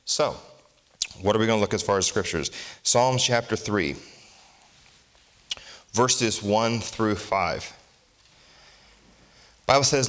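A preacher with a voice on the low side and a bit of brightness reads scripture at a slow, deliberate pace. He asks his congregation rhetorical questions in a conversational tone.

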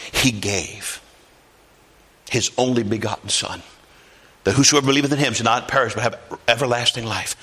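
A man preaching a sermon, lively, calling out to the congregation and acting out the people in his story, often rising to a shout. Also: medium pitch, husky. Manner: animated, calls for response from congregation; acts out quoted voices, often shouting.

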